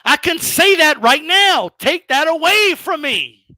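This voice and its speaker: High-pitched guy ranting on his boxing channel, swoops all over, bright voice, lots of bro and cussing. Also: a little slow, no echo. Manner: animated, profane, mocking, frequent laughs and "bro". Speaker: boxing commentator host. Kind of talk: casual ranting commentary.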